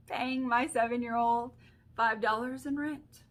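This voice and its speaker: A woman's voice: fairly high pitch, moderate pace, fairly bright tone. A woman chatting casually through a makeup tutorial at home, telling stories full of "like" and little asides. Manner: chatty, storytelling, filler-heavy with frequent "like". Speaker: beauty vlogger.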